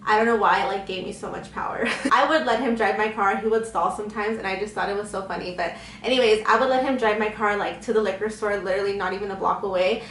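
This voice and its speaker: A woman's voice: medium pitch, fast, hardly any pauses, fairly bright tone, slight background noise. A young woman telling a personal story in a candid, chatty way, acting out what others said. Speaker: vlogger. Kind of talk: casual storytime chat. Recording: echoey room, faint ambience.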